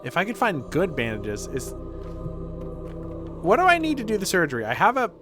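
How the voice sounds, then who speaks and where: Male vtuber streamer, casual playthrough commentary, animated, thinks aloud, curses at setbacks, lively pitch. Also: normal speed, over music. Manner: animated, thinks aloud, swears when frustrated.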